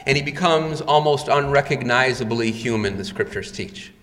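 A man's voice: mid-range voice, normal speed, a bit bright. A man preaching a sermon, retelling scenes dramatically and rising in volume for quoted cries. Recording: long reverb of a hall.

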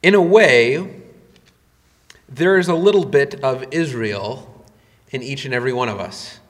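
Emphatic male preacher in a reverberant hall. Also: measured pace. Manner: emphatic preaching with sudden rises in pitch and volume. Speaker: pastor. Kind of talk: sermon.

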